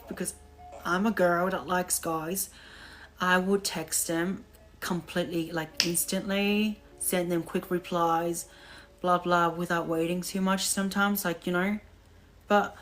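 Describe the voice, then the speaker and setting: A tired woman hosting a casual live-stream chat, pausing often to rest her voice and thanking viewers. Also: lowish voice, low-quality recording. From Australia. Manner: slow, breathy pauses, thanking viewers. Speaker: livestream host.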